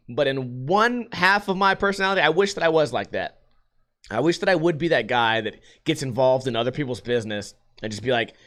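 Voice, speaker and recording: A man's voice: mid-range voice, fairly quick, a bit bright. A man hosting a podcast, telling a restaurant story in a casual, ranting, profane way. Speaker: podcast host. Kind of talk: casual chat.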